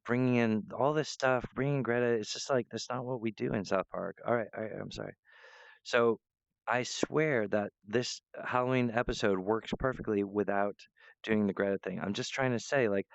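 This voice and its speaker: Gravelly low-voiced man rambling to camera. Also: no echo, muffled recording. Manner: meandering, restarts often, apologetic asides. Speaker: vlogger.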